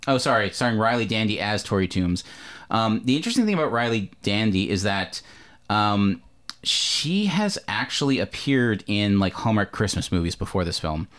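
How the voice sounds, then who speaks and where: A Canadian podcast host with a fairly low, expressive voice and a fairly bright tone chats casually about a film at normal speed. His talk is full of fillers and self-corrections.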